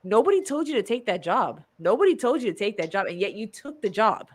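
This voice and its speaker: A woman hosting a casual podcast, talking in an animated way. She laughs often and slips into little acted-out quotes as she goes. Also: mid-range voice, brisk. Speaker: podcast host. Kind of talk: casual chat.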